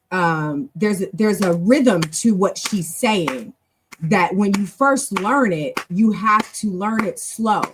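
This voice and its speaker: A woman's voice: lowish voice, background noise. A woman hosting a language club, teaching in a chatty, encouraging, long-winded way on a casual live stream.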